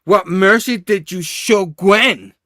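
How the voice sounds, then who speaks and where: Man reading as a dark vengeful hero. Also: on the high side, animated, measured pace, dry recording, studio quality. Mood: furious. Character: vengeful male superhero gone dark.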